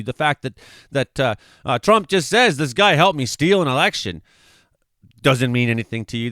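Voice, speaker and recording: A man's voice: medium pitch, fairly bright tone, clear, resonant tone, no echo, studio quality. A man hosting a weather show in rambling, sarcastic, profane live commentary. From Canada.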